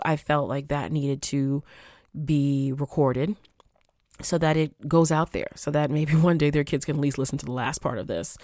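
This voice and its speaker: A woman hosts a solo podcast, her voice sitting low in pitch. She reads out answers with quiet, heartfelt sincerity. The sound is dry and close, with no room echo. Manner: heartfelt, reflective, reading listener answers aloud. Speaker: podcast host.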